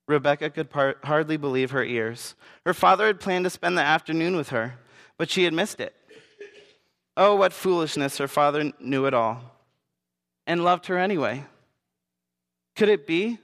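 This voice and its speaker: A man's voice: on the high side, moderate pace, a bit bright. Man narrating a story in long reverb. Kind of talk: read-aloud story narration.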